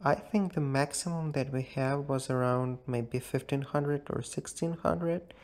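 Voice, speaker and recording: A group chat member talking casually in a voice message, explaining things in an unhurried, offhand way. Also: medium pitch, a little mellow.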